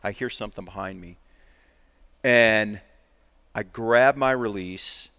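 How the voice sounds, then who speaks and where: A lower-voiced man tells a hunting tale among friends on a podcast. He is frank and emphatic, with a self-mocking edge, and he leans into the key moments. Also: slow pace, a bit bright. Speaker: podcast guest, hunter. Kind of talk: casual storytelling.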